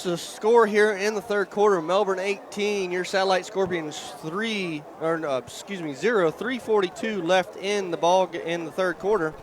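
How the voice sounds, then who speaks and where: A man doing folksy play-by-play for a high school football broadcast outdoors, chatty and jumping up on big plays. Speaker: play-by-play announcer. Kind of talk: local sports commentary. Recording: outdoor broadcast with clear ambient noise.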